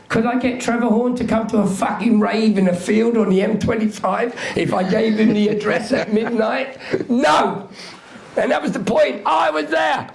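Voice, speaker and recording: A high-pitched, gravelly male voice comes from a music figure in his sixties answering questions at a live Q&A. He tells his stories brashly, swears plenty, and plays out what others said.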